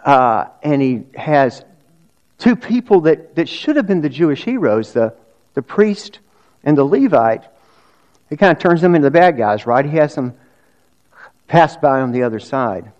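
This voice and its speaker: Man, pastor, conversational sermon, rhetorical questions, somewhat high voice, dull recording. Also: big pitch swings, a little slow, long pauses, darkish tone.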